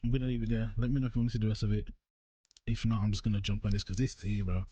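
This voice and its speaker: A man's voice: fairly low pitch, level tone, very fast, warm tone, slightly rough, no echo. A man reading a visual novel aloud and chatting casually between passages, calling his viewers bro. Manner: casual, says bro often. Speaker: gaming YouTuber.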